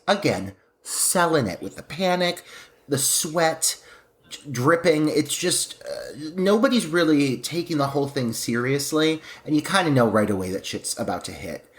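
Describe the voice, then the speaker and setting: A man co-hosting a podcast, enthusiastically describing movie scenes. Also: medium pitch. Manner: animated, gushing with laughter. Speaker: podcast co-host. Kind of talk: casual film discussion.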